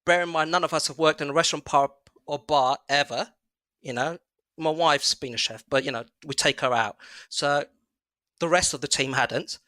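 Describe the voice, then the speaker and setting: A man's voice: on the high side, moderate pace, dry recording. A man, a restaurant co-founder telling stories in a casual interview and acting out customers' voices. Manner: animated, acts out customers' voices in anecdotes.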